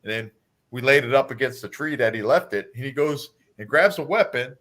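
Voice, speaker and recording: A former Marine guest tells barracks prank stories on a livestream, swearing freely and laughing along. His voice is mid-pitched with a bright, forceful edge. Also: expressive, fairly quick. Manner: profane, laughing storyteller. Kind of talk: casual livestream chat.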